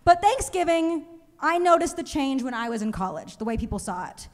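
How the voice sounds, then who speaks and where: Woman, stand-up comedian, high-pitched, animated storytelling, live hall reverb. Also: brisk. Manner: animated storytelling, acts out other people's voices. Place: comedy stage in a museum venue.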